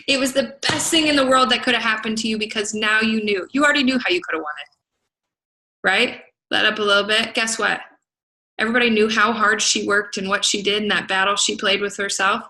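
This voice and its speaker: A woman's voice: mid-range voice, steady tone, moderate pace, pauses often, bright, forceful tone, rough recording. A middle-aged woman, a business coach, giving an emphatic motivational talk to a group, laughing often and asking "right?". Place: event venue in Las Vegas.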